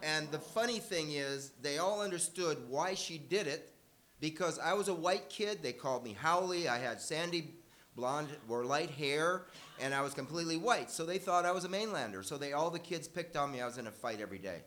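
Bright-voiced older man telling a story. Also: on the high side, lively intonation, brisk, a little hiss or hum. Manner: conversational, self-correcting, wry humor. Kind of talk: personal story told live to an audience.

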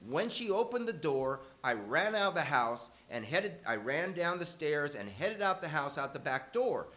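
Bright-voiced older man telling a story. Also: on the high side, big pitch swings, normal speed. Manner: conversational, self-correcting, wry humor. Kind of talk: personal story told live to an audience.

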